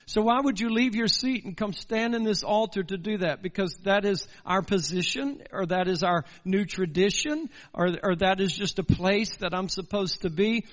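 Earnest high-voiced preacher in a reverberant hall. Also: male voice. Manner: earnest, repetitive rhetorical questions. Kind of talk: sermon. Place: church sanctuary.

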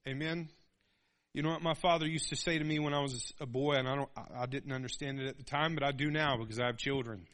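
A man in his thirties preaching a sermon, animated, calling out for amens and acting out little voices. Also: medium pitch. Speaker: pastor.

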